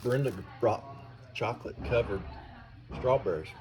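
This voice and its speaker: A man's voice: medium pitch, moderate pace, heavy background noise. A middle-aged man, talking to his vlog viewers in a folksy, joking way with lots of fillers. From West Virginia. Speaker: vlogger. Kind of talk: casual vlog talk.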